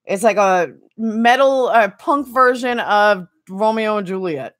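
A woman's voice: mid-range voice, expressive, measured pace. A woman streaming a game, chatting casually and answering viewers by name. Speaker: game streamer reading chat. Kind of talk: casual chat while gaming.

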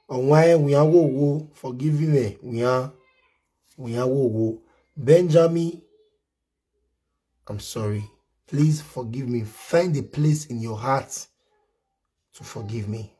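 A man's voice: medium pitch, warm tone, slightly rough. A man with a Nigerian accent delivering a pleading, repetitive apology, mixing Pidgin and Yoruba. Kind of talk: apology video monologue.

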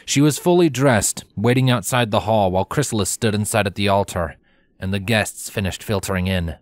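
Low-voiced male fanfiction narrator. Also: brisk, dry recording. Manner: steady storytelling narration with character voices. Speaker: fanfiction reader. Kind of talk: scripted narration.

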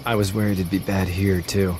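A young actor playing a farmer's earnest son in a video game, talking in an earnest, urgent way. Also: male voice, deep voice, level tone, fairly quick, lightly acted. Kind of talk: game voice acting. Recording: game audio with loud cricket noise. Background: crickets and night ambience.

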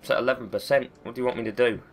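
A man's voice: mid-range voice, steady tone, rapid-fire. A man with a cold, giving chatty, self-mocking let's-play commentary and swearing often. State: has a cold. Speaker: gaming video host.

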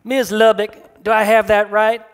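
A nosy, folksy immigration officer of middle age, voiced by a man reading his story aloud. He drawls with an overly polite, high voice that rises as he pushes his questions. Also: level tone, unhurried, smooth. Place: live reading in a café.

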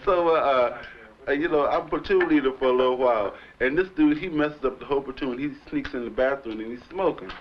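A young war veteran giving rambling testimony at a panel, full of 'you know'. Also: male voice, mid-range voice, brisk, slight background noise. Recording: dull old archive recording with crowd.

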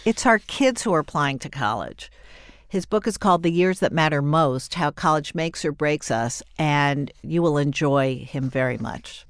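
Older woman, podcast host, chatty and effusive, lowish voice, dry close mic. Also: moderate pace, smooth, no echo. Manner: chatty, animated and warmly effusive. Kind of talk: solo podcast monologue.

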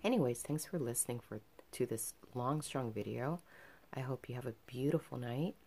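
A woman's voice: rumbling low, moderate pace, mellow, breathy edge. A young adult woman telling a personal story in a casual vlog, chatty and earnest, full of fillers. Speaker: vlogger.

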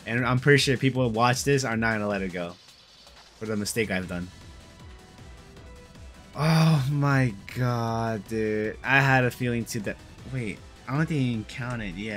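A man's voice: on the low side, sharp tone. A young man giving casual, slangy commentary on a mobile game, frustrated and peppering his talk with bro and dude.

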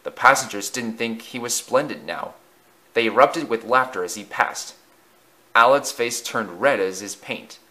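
Man reading a storybook with lively pitch. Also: a little slow. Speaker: narrator. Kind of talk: storybook narration.

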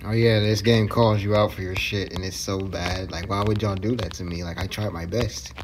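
A man chatting casually while playing a video game, excitable and profane, often yelling at other players. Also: sits low, normal speed, background noise. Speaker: gamer streaming with a friend. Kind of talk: casual gaming chat.

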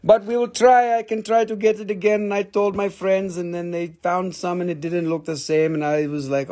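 A man's voice: high-pitched, fairly even intonation, moderate pace, hardly any pauses, a little mellow. A man selling minerals on a casual live stream, joking, swearing and rambling as he talks. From Appalachian Valley, United States.

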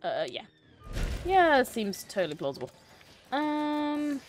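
A woman's voice: high voice, very animated, takes it slowly, soft background music. A young woman streaming a game, chatting to herself and to the characters on screen. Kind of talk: casual gameplay commentary.

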